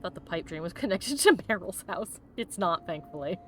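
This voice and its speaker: A woman's voice: lowish voice, lively intonation, normal speed, a bit bright. A woman playing a video game for a let's play, chatting casually, giggling and exclaiming often. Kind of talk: casual gameplay chat.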